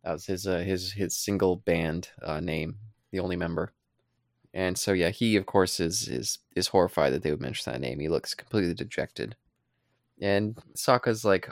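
A man co-hosting a podcast, recapping a comic in a relaxed, rambling way with playful asides. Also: deep voice, moderate pace, no room sound, studio quality. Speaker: podcast co-host. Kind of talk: casual chat recapping a comic.

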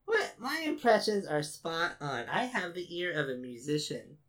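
A woman's voice: fairly low pitch, big pitch swings, normal speed, slight background noise. A woman playing a tabletop role-playing game, mock-confident and playful. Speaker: player. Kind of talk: tabletop role-play banter.

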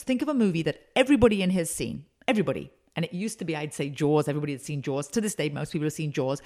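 A woman consultant and speaker, telling emphatic, animated stories as a guest in a podcast interview. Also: lowish voice.

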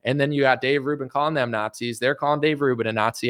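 A young adult man ranting casually about politics, quick and animated, breaking into mocking put-on voices now and then. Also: mid-range voice, no room sound, studio quality. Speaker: political commentator.

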